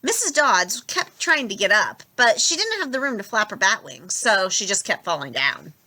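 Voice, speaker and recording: A young adult woman reading a novel aloud with expressive, lively narration. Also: medium pitch, normal speed. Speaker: storybook reader.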